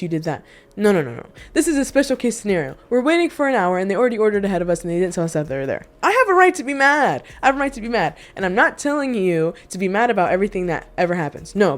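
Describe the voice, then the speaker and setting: A young woman talks straight to her viewers in a relaxed, candid chat. She tells stories with animated asides at a mid-range pitch. Faint music plays in the background. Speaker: vlogger. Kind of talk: casual chat. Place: indoor room.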